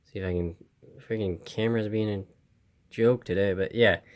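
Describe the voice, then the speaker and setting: A man's voice: fairly low pitch, steady tone, moderate pace, darkish tone. A man casually walking through an RC car repair step by step, rambling and repeating himself with a voice that is giving out. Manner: rambling, repeats instructions, apologizes for camera. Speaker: RC hobby video host. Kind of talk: casual how-to walkthrough.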